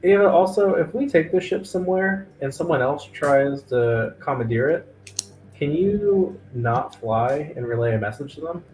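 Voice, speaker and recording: A man's voice: a little high, expressive, normal speed, a little mellow, low-quality recording. A man playing a tabletop game, chatty and joking, asking pointed questions. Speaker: player. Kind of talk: casual tabletop play.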